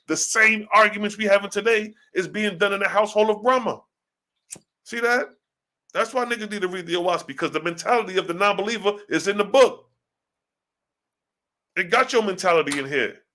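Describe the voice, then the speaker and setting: A man, preaching over a scripture reading. He reads the verses slowly and deliberately, then breaks into quick, blunt commentary full of slang. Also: high-pitched, bright, forceful tone. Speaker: scripture teacher.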